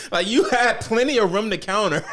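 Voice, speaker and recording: A man's voice: high voice, background noise. A man co-hosting a podcast, joking about anime fights, often laughing and mimicking characters with wry asides. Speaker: podcast co-host. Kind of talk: casual anime review banter.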